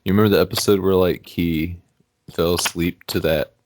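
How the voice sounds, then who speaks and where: Male co-host, very low voice, meandering casual chat. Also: steady tone, moderate pace, a little mellow, a little hiss or hum. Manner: rambling storyteller, many fillers. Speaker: podcast co-host. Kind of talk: casual podcast banter.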